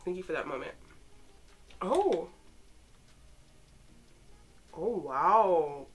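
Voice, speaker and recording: A young woman with a slightly low voice talks casually, reacting to photos. She is excitable and teasing and addresses the pictures directly as if they could hear her. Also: drawn-out words, breathy edge. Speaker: fan vlogger reacting to photos.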